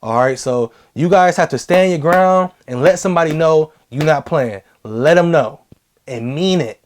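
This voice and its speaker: A man's voice: a little high, moderate pace. A young adult man giving blunt, slangy advice in a casual vlog, repeating key phrases for emphasis.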